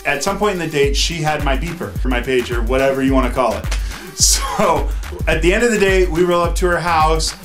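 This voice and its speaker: Joking man vlogging with soft music. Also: fairly high pitch, animated, fairly quick. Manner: chatty, joking storyteller. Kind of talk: casual to-camera vlog.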